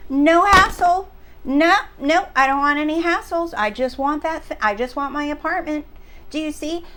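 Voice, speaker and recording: A woman hosting a motivational teaching talk, speaking emphatically and often asking the listener "do you see?". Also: on the high side. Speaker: host.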